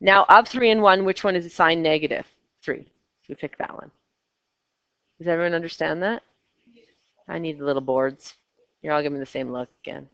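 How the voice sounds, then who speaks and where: A woman's voice: sits low, a little fast, long pauses, a bit bright, no echo, dull audio. A woman teaching a math class, chatty and coaxing her students with questions. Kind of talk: classroom lecture.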